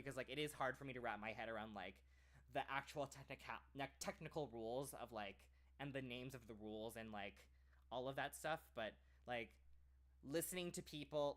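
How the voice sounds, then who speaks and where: An American streamer from the United States talks in a casual, rambling way, full of "like"s and phrases he restarts. His voice is medium-pitched and a bit bright.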